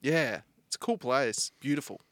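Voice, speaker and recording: A man's voice: mid-range voice, animated, moderate pace, no echo. A man, co-hosting a podcast in casual chat, joking and chipping in with short replies. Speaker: podcast co-host.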